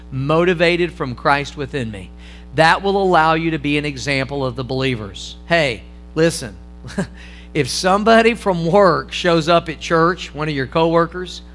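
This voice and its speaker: Male pastor preaching, slightly higher voice, lively and emphatic, soft music under him. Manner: animated preaching with acted-out asides and slow emphatic phrases. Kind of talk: sermon.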